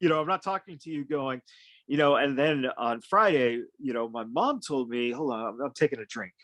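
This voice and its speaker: A man's voice: medium pitch, moderate pace, a bit bright, no echo. A man hosting a podcast in casual conversation, talking in a loose, rambling way and swearing freely. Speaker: podcast host.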